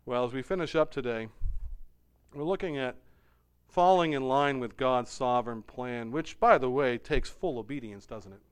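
A man's voice: medium pitch, normal speed, clear, resonant tone, rough recording. A man preaching a sermon, emphatic and repeating his points for emphasis.

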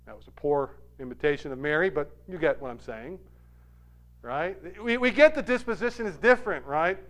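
A man preaching a sermon, rising to loud emphatic peaks and dropping to quiet, soft asides, acting out quoted lines with feeling. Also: on the high side, lively intonation, moderate pace.

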